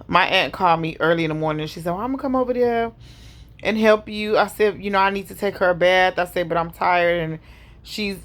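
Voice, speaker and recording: A middle-aged woman speaks to the camera about a painful stretch of her life. Her voice sits a little low, and she tells it in a heavy, personal way, pausing and sighing as she goes. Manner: heavy, emotional retelling with pauses and sighs. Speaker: vlogger telling her story.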